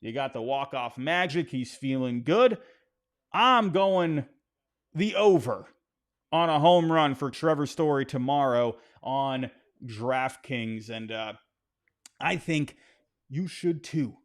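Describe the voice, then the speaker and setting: A man giving a loose, chatty baseball game recap and betting pitch, with frequent fillers and restarts. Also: measured pace.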